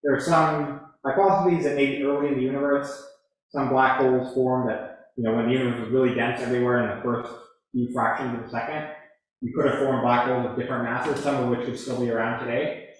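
A man explains science to a lecture audience, pausing and restarting as he thinks. His voice sits mid-range and rings out in a very echoey hall. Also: mid-range voice, level tone. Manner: thoughtful, hedging, frequent restarts and "uh". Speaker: astrophysicist answering audience questions. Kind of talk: public lecture Q&A.

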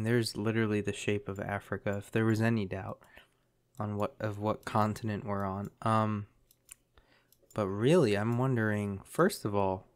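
A man commentating a map guessing game, thinking aloud in a chatty way with lots of ums. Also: on the low side. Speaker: game streamer.

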